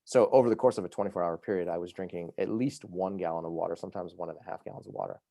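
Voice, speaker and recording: Podcast guest: a very low-pitched, dark-toned man recounting his story at a brisk clip in a dry, close sound. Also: vocal fry, dry recording. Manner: fast, lively, full of fillers like "you know" and "like". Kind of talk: animated personal storytelling.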